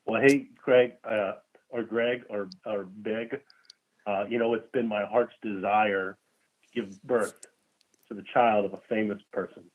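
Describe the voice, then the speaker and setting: A man calling in to a radio show, chatting in a goofy, jokey way with bursts of loud laughter. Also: on the low side, fairly even intonation, a little slow. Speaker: caller. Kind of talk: casual call-in chat. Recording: tinny phone line.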